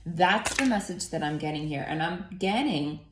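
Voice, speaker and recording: A woman's voice: lowish voice, animated, normal speed, noisy background. A woman giving a casual tarot reading in a chatty, rambling way, full of fillers and casual swearing. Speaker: tarot reader. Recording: roomy echo.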